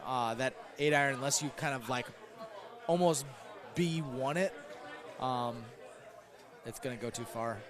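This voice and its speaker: A man with a medium-pitched voice gives casual live commentary on an arcade golf game in a noisy bowling alley, speaking a little slowly with long pauses amid crowd noise. He's chatty and analytical, full of fillers and self-deprecating remarks.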